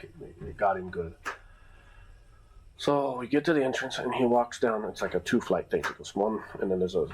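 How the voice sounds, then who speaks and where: Husky, lower-voiced man telling a story. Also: darkish tone, low-quality recording. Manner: rambling, many fillers and restarts. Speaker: nightclub security boss. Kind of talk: casual anecdote storytelling.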